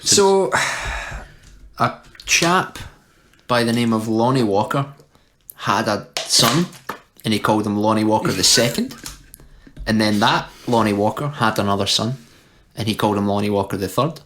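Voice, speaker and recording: A man, co-hosting a podcast in casual chat and telling stories with lively delivery. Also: on the low side, unhurried, pauses often, slight background noise. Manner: storytelling, animated. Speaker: podcast co-host.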